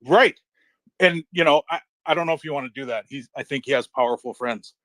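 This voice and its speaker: A middle-aged man chatting casually in a live audio room, telling excitable stories and swearing freely. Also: mid-range voice, a little fast, dry recording. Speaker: crypto community speaker.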